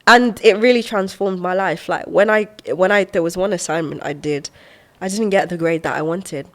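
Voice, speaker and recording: A young woman in her twenties, a podcast guest who talks in an expressive, animated way and laughs often while reflecting on her life. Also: lowish voice, normal speed. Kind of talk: reflective conversational storytelling.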